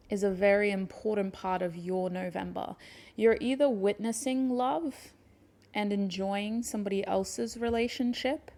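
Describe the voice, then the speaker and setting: Woman doing a tarot reading, soft and affectionate, kinda teary and sniffly, mid-pitched voice. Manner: gentle, affectionate, emotional, softly spoken to viewers. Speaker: tarot reader. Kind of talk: pick-a-card tarot reading.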